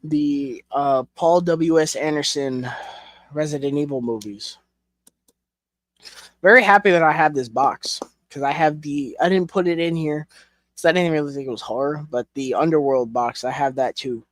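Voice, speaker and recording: A man's voice: fairly high pitch, moderate pace, no room sound. Casual young man rambling, dry sound. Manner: rambling with fillers and frank swearing. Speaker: collection reviewer. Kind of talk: casual chat.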